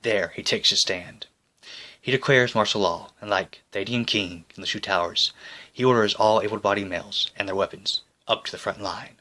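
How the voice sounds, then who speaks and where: A man narrating history in a jokey, breezy way, tossing in quick voiced asides. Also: on the low side, pushed and bright.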